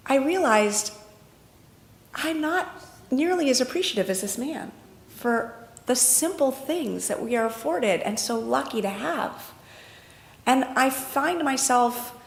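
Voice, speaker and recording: A woman's voice: fairly high pitch, roomy sound. A woman telling a personal story at a religious service, in an easy storytelling way. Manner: warm storytelling, quotes others in dialogue.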